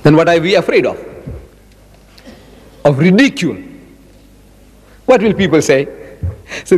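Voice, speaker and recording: A man from South Africa giving a public religious lecture, dramatic and animated with lots of repetition. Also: a little high, unhurried, long pauses, breathy edge, long reverb tail. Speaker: Islamic lecturer.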